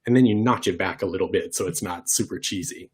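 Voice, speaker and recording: A fast-talking man with a low, husky voice presents an online workshop, speaking in a lively, conversational way, quizzing the audience and jumping his voice around to demonstrate points.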